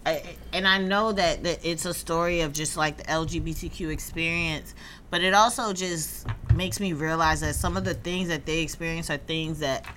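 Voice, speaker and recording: A woman's voice: low-pitched, fairly even intonation, moderate pace, a bit bright, a little hiss or hum. A woman co-hosting a podcast in casual chat, reflective and full of fillers and encouraging mm-hmms. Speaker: podcast co-host.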